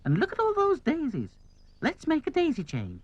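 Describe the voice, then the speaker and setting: A man's voice: very high voice, huge pitch swings, moderate pace, no room sound, muffled recording, voice pushed up, exaggerated voice. A man voicing a timid, eager little female rag doll in a cartoon, with music underneath.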